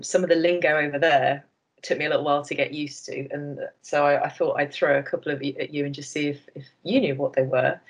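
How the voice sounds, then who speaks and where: A woman from Buckinghamshire, England, chatting casually as a guest and telling self-deprecating anecdotes. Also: sits low. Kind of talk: casual chat.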